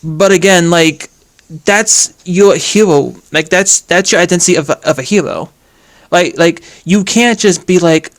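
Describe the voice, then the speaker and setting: A fairly high-voiced man rants about a game story in a loose, animated way. He swears freely and leans hard on "like" as he works through his frustration. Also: measured pace. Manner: animated and exasperated, with heavy use of "like" and swearing. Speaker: game commentator. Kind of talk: casual video game reaction rant.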